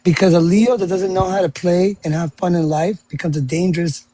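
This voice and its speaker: A man from Florida hosting a live audio panel, giving astrology readings in a warm, affirming way. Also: high voice, fairly even intonation, a little fast. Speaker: panel host.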